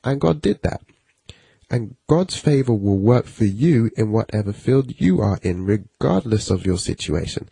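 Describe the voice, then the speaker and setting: A man's voice: lowish voice, expressive, measured pace, gravelly, mellow, slightly rough, no room sound. A man giving an earnest, emphatic spoken Christian testimony, sermon-like and lightly humorous.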